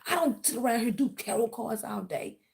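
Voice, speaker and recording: A woman who hosts her own tarot channel rants heatedly on a livestream, bluntly confronting a former client and swearing throughout. Her voice is a little high, expressive, brisk, creaky, and slightly mellow.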